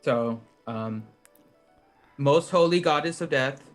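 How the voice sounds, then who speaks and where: A man's voice: medium pitch, takes it slowly, soft background music. A man playing a tabletop game, reading his character's prayer in an earnest, solemn way. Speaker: player.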